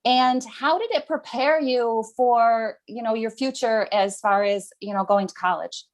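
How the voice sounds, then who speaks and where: Woman host, a little high, encouraging, asks gentle questions. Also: measured pace. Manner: encouraging, short affirmations. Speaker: interviewer host. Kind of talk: casual interview.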